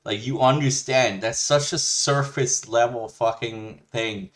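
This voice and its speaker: A man's voice: medium pitch, unhurried, a bit bright. A man hosting a reaction video, ranting bluntly with lots of swearing and rambling restarts. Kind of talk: ranting commentary.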